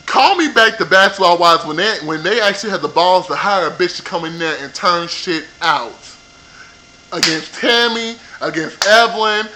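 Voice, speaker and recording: A man with a high, bright voice rants about television, sassy and heavy with profanity. He talks straight into a computer mic in a loose, animated monologue. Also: low-quality recording. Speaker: vlogger reviewing a reality show. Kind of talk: casual ranting review.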